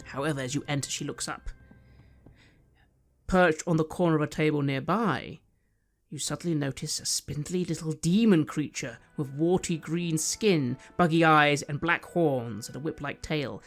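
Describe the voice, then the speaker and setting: A game master narrating a fantasy tabletop game in a descriptive, unhurried way. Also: medium pitch, faint music behind.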